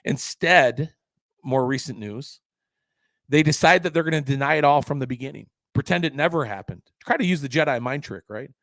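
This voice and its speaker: A man's voice: medium pitch, moderate pace, dry recording, poor audio. Indignant man ranting on a podcast. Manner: indignant, sarcastic, swears freely, swings between loud outbursts and mutters. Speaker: podcast host. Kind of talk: opinionated solo podcast rant.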